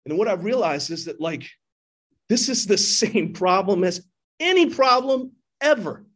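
A man's voice: sits high, expressive, a little slow, fairly bright tone. A middle-aged man giving an earnest, candid recovery testimony from a church podium microphone, often restarting his sentences. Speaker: speaker sharing at a recovery meeting. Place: church meeting hall.

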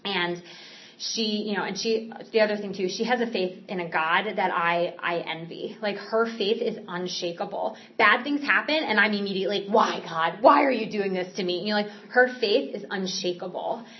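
A woman tells her own recovery story in an earnest, candid way, stumbling through restarts and fillers as she goes. Her pitch sits in an ordinary middle range. The recording sounds slightly dull and muffled. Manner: halting, frequent fillers and restarts. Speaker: speaker sharing a recovery story. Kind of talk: personal recovery testimony.

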